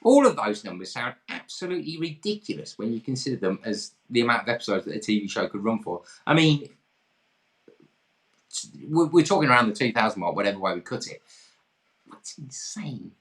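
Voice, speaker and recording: A man's voice: mid-range voice, big pitch swings, fast, fairly bright tone. A man from England hosting an online pub quiz, reading questions in a jokey, self-deprecating way. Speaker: quiz host.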